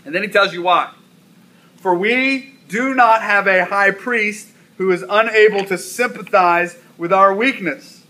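A man's voice: sits high, bright, forceful tone. A man preaching a sermon, telling a story and repeating key lines for emphasis. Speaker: pastor.

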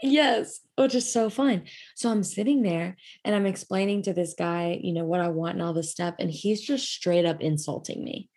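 A woman's voice: fairly low pitch, normal speed, hardly any pauses, a little mellow. A young woman hosting a podcast, telling a personal story in a chatty way with lots of fillers and frequent laughs. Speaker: podcast host. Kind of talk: casual storytelling chat.

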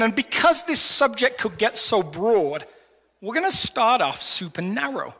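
A middle-aged male pastor gives a sermon in a big hall, and his voice carries a long reverb. His tone sits high and bright, and he talks to the congregation in a conversational, playful way, stacking up rhetorical questions. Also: big pitch swings, unhurried. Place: large hall before a congregation.

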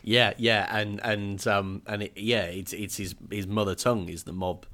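A man co-hosting a podcast, chatting in a wry, lively way. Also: on the low side, normal speed. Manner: wry, lively, given to comic put-on voices. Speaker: podcast co-host. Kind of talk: casual chat.

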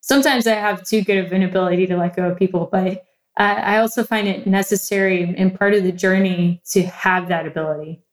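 A woman's voice: mid-range voice, steady tone, a little fast. A young adult woman, a guest in a casual interview, telling a personal story candidly and with animation, often laughing.

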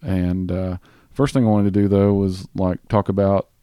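A man with a Southern US accent hosting a podcast in casual chat, rambling with fillers and restarts and talking a bit fast. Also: low-pitched, level tone, dark tone, clean tone, no room sound, studio quality. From Southern US (Tennessee). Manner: talks a bit fast on mic. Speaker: podcast host.

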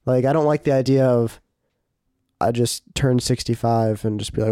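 Mellow-voiced man musing on a podcast. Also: mid-range voice, fairly even intonation, moderate pace, clean tone, no room sound, clean studio sound. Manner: thoughtful, hesitant, easygoing. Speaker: podcast co-host. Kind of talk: casual podcast chat.

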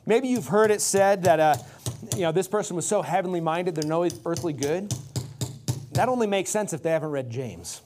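A man's voice: high-pitched, expressive, moderate pace, darkish tone, soft background music. A middle-aged man preaching a conversational sermon as pastor, telling a family story and acting out quotes.

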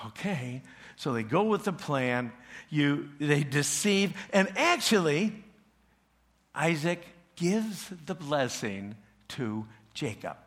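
A male pastor preaching a sermon in a church, telling the story with humorous asides. His voice is bright and slightly high, and it rises and falls widely. He speaks slowly and deliberately. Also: very animated.

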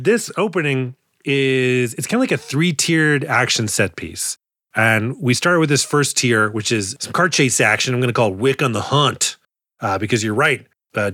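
A man's voice: mid-range voice, pushed and bright, no echo, studio quality. A young man co-hosting a podcast in casual chat, rambling, correcting himself and laughing often. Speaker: podcast co-host.

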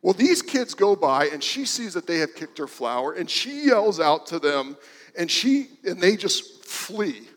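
A man's voice: sits high, big pitch swings, unhurried, a bit bright, big-room sound. A man preaching a sermon in a church, telling stories in a casual, conversational way with frequent restarts. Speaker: pastor. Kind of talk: sermon storytelling.

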